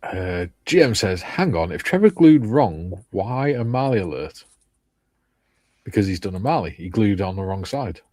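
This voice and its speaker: A man's voice: sits low, sing-song, normal speed, darkish tone, dry recording. An older man hosting a casual livestream, joking as he reads out viewers' comments. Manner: jokey, reads out chat comments. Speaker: livestream host.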